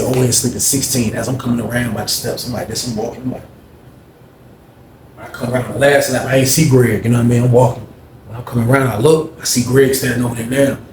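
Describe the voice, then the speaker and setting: A man's voice: medium pitch, background noise. A man telling a casual story in slangy speech, talking to listeners as y'all. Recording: echoey room with faint ambience.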